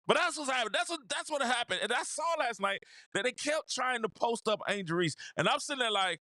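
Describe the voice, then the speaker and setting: Lively high-voiced man with animated commentary. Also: a little fast, no room sound, clean studio sound. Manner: animated, repeats phrases, talks straight to viewers. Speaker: host of a sports talk show. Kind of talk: casual basketball commentary.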